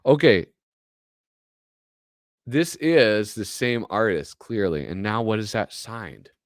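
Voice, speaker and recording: This man hosts a live show, his voice lowish and expressive, moving at a slow pace. The recording is dry with clean studio sound, and his casual commentary rambles through joking asides that trail off mid-thought.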